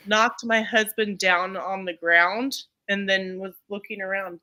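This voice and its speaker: A woman's voice: medium pitch, fairly even intonation, unhurried, few pauses, sharp tone. A middle-aged woman co-hosting a live stream, chatting casually and rambling with lots of ums and restarts. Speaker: co-host of a live chat stream. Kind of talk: casual chat.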